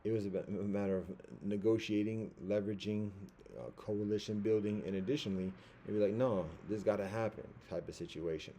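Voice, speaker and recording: A man giving a casual commentary monologue, halting and rambling with many fillers and restarts. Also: lowish voice, steady tone, mellow, slight background noise.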